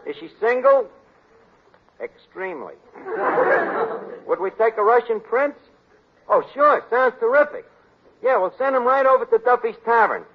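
An actor playing a tough, scheming bar manager, in 1940s radio comedy acting. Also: male voice, extremely high pitch, expressive, moderate pace, long pauses. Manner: wisecracking, tough, laughs a lot. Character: fast-talking male bar manager, schemer. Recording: dull, slightly noisy old radio recording.

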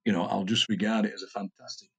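Older man, low husky voice, enthusiastic chatty interview guest. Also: little pitch movement, fast, a bit bright, highs cut off. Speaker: poet guest. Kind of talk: casual interview chat.

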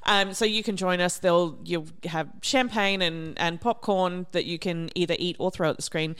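A woman hosting a casual podcast, chatty and giggly, quick to joke. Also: lowish voice, fairly even intonation, fairly bright tone, smooth. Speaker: podcast host. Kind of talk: casual chat.

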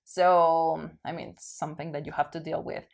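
Woman, lower pitch, casual podcast host, hesitant and reflective. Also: level tone, moderate pace, gravelly. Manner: hesitant, thinks aloud with many fillers.

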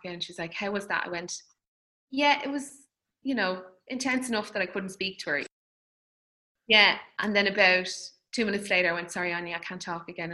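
A woman's voice: medium pitch, bright, forceful tone, poor audio. A woman with an Irish accent, chatty and often laughing, casually telling her birth story and acting out the dialogue.

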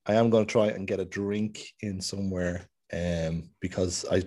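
A man from Ireland co-hosting a podcast, laid-back and quick to laugh in casual chat. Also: low-pitched, fairly even intonation, mellow. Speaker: podcast co-host.

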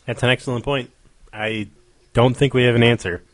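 A man with an ordinary mid-pitched voice who co-hosts a casual sports podcast. He talks in an easygoing way and steers the chat onto new topics. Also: steady tone, brisk, noisy background. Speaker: podcast co-host.

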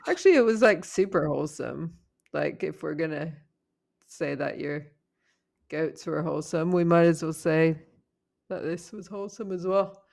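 A woman's voice: low-pitched, moderate pace, vocal fry. A woman co-hosting a podcast in casual chat, telling stories and laughing often. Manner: laughs often, animated storytelling. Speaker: podcast co-host.

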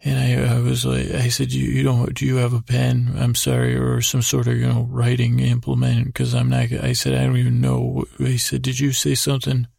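A man telling a meandering, improvised bedtime story in a halting, rambling way. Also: medium pitch, completely flat delivery, gravelly, darkish tone, dry recording, clean studio sound. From United States. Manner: meandering, halting, full of restarts. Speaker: sleep story narrator.

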